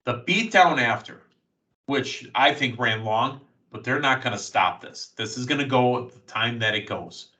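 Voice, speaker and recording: A man hosting a casual wrestling podcast, recapping matches in an excited, storytelling play-by-play manner. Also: mid-range voice, normal speed, distant mic, poor audio. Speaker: podcast host.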